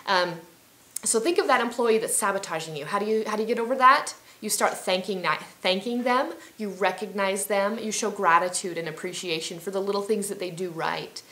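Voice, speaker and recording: A woman's voice: medium pitch, brisk, pushed and bright, reverberant. A woman hosting an instructional self-help video, talking in a friendly, chatty way with fillers and restarts. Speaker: healing coach and video host.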